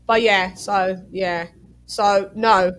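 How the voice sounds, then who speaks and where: Bright-voiced London woman, chatty host. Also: mid-range voice, steady tone, extremely slow, slight background noise. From West London, England. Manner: chatty, with many restarts and "you know"s. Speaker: host of an online talk panel. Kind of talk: casual chat.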